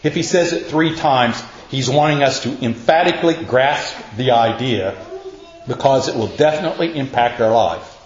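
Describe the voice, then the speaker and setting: Male pastor, mid-pitched, earnest sermon delivery, echoey dull recording. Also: normal speed. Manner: earnest, emphatic preaching with repetition.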